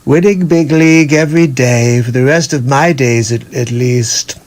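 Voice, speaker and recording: A man's voice: medium pitch, a little mellow, natural voice. A man doing a celebrity impression of a boastful older male president who rambles and repeats himself. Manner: rambling, repetitive, drawn-out words.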